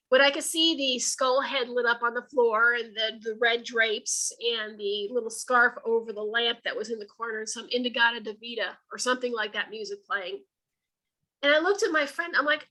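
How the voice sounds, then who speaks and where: A woman's voice: a little high, a little fast, poor audio. A woman giving a talk over a video call, telling stories in a chatty, folksy way and acting out the dialogue. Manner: lively, chatty storytelling that acts out quoted dialogue; colloquial, folksy phrasing. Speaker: author and speaker. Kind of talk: storytelling talk to an online audience.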